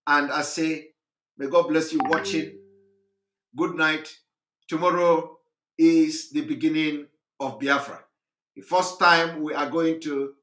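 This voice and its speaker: A hoarse man, hosting a live address, talking repetitively with laughs and emphasis. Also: fairly high pitch, sharp tone, reverberant. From Nigeria. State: hoarse, recovering voice. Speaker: host of a live broadcast.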